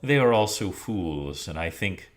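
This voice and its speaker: A man voicing a cold, scheming female drow leader who speaks slowly and quietly. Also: sits low, lively intonation.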